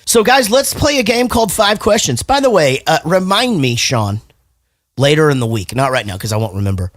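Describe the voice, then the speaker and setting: A man hosting a casual movie podcast and quiz, talking in an animated way, laughing often and swearing casually. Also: medium pitch, brisk, no room sound, studio quality. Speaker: podcast host. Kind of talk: casual chat, quiz host.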